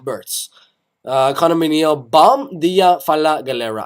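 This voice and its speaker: Lively young man hosting a livestream. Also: on the high side. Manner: rambling, repeats phrases, swears casually. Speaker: MMA live stream host. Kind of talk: casual live stream, reading chat.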